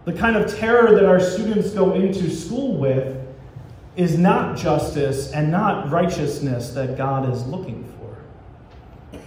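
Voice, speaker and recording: Higher-pitched man preaching in echoey church. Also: lively intonation, slow, a little mellow. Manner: storytelling, acting out dialogue between God and people. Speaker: pastor. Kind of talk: sermon. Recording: echoey church sanctuary with faint ambient noise.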